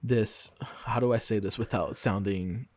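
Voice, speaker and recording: A man from Brazil casually discussing film adaptations on a podcast, often pausing to search for words. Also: on the low side, fairly even intonation, darkish tone, a little hiss or hum. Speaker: podcast co-host.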